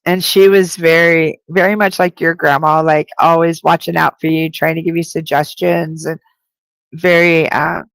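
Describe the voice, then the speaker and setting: A woman's voice: low-pitched, little pitch movement, moderate pace, gravelly, no echo, rough recording. A woman working as a psychic medium who gives a live-streamed spirit reading. She talks in a chatty, rambling way, full of "like," with light laughter.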